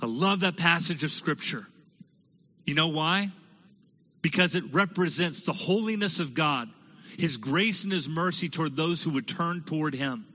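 A man preaching a sermon with a bright, forceful, fairly high voice. He presses his listeners with rhetorical questions and sinks to a hush to drive points home. The sound is dull and lo-fi and rings with a long hall reverb from the sanctuary. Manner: preaching in rhetorical questions, swinging from loud emphasis to hushed. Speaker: pastor.

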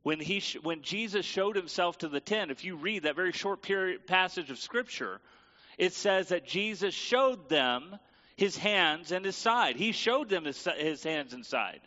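A pastor with a bright, forceful voice preaches in a conversational way, putting questions to his congregation. His voice rings with a long reverb from a large church hall. The recording sounds a little muffled. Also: high-pitched, lively intonation, measured pace. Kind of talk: sermon. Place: church sanctuary.

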